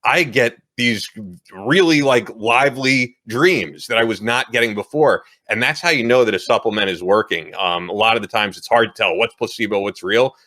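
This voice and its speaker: A man's voice: lowish voice, normal speed, hardly any pauses, sharp tone. Easygoing, laughing male podcast host. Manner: easygoing, laughs often, uses "like" a lot. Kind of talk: casual chat and host-read ad.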